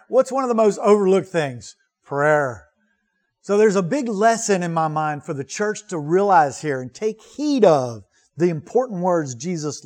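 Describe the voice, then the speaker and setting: High-voiced man preaching a sermon. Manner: earnest preaching with rhetorical questions and emphatic repetition. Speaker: pastor.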